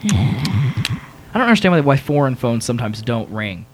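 A man's voice: mid-range voice, moderate pace, pauses often. A man joking with friends while making prank calls on a computer mic. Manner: joking, animated. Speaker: prank caller. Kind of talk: casual group chat.

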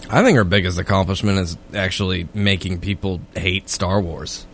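A man's voice: low-pitched, moderate pace, slight background noise. A man co-hosting a casual podcast, chiming in with dry, brief remarks. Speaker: podcast co-host.

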